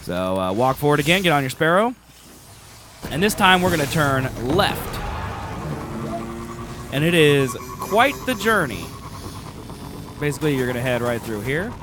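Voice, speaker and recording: A man's voice: on the high side, sing-song, normal speed, pauses often, music in the background. A man giving a casual gameplay walkthrough, with wry, sarcastic asides. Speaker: game guide host.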